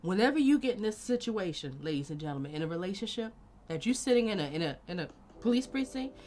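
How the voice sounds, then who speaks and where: A woman's voice: medium pitch, quick pace, slight background noise. A woman hosting a casual live-stream commentary, talking bluntly and directly to her viewers. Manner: blunt, animated, talks straight to viewers.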